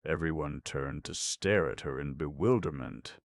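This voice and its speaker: A man narrating an audiobook in a measured, ironic storytelling manner. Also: extremely low pitch, no echo, clean studio sound. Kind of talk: scripted narration.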